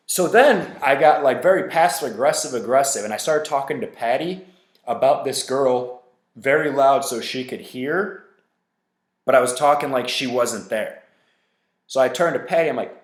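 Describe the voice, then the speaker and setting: A man hosting a podcast, telling a story casually in a loose, profane, animated way with lots of fillers. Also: mid-range voice, moderate pace. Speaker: podcast host. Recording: roomy echo.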